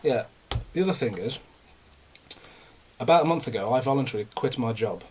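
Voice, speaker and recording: A young man from England, a vlogger, speaks fairly quickly and expressively in a mid-range, slightly mellow voice. He is chatty and a bit breathless as he rants and teases himself in a rambling, casual way, with slight background noise present.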